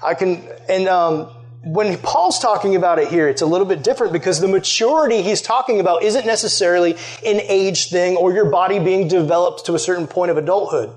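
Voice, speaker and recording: A man's voice: sits high, fairly quick, a little mellow. A young man giving a casual sermon as a youth pastor, chatty and full of "like" fillers, asking his listeners questions. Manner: chatty, loaded with "like" fillers, conversational.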